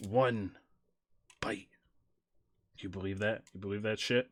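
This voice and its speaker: A man chatting on a live stream in an average-pitched voice. He rambles and jokes his way through a made-up story, often dropping to a mumble before bursting out loudly. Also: expressive, measured pace, pauses often. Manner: jokey, rambling, swings from mumbling to loud bursts. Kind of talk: casual live-stream chat and improvised storytelling.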